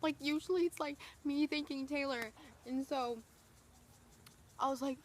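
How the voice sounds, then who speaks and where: A young woman tells a story to her camera, gushing and breathless, her talk stuffed with fillers. Her voice sits a little high. There is a faint hiss of noise behind her. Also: fairly even intonation, moderate pace. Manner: gushing, breathless, lots of "like" and "oh my gosh". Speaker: vlogger. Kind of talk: excited storytelling vlog.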